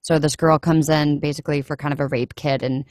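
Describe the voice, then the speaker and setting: A young woman talks casually about her work as a standardized patient, acting out her own reactions. Her voice sits a little low. The recording is dry and close, with no room sound. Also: a little fast, dry recording. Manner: animated storyteller, acts out her own reactions. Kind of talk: casual conversation.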